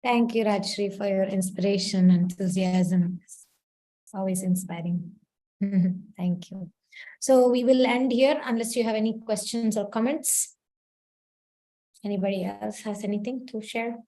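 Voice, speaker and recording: Mellow-voiced woman leading a reflection. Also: mid-range voice, fairly even intonation. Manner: slow, soothing and encouraging. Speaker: session leader. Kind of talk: guided spiritual reflection.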